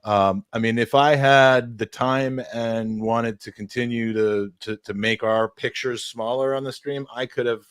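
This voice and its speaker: A man's voice: medium pitch, steady tone, measured pace, hardly any pauses, clear, resonant tone, no room sound. A man hosting a charity livestream podcast, chatting in a casual, upbeat and jokey way. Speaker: host.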